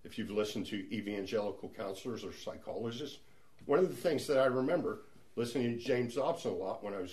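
Middle-aged guy leading bible study, lowish voice, chatty, lots of restarts and asides. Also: darkish tone. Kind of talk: conversational Bible teaching.

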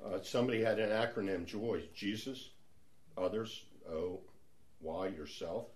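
A man's voice: on the low side, unhurried. A middle-aged man leading a church Bible study in a conversational teaching style, chatty and prone to restarts. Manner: chatty, with frequent restarts and asides.

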